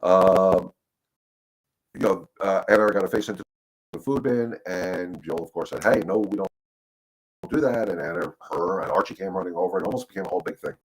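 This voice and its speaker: Husky low-voiced male dog trainer. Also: fairly even intonation, fairly quick, rough recording. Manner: rambling, repeats words, acts out quoted voices. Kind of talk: casual livestream advice talk.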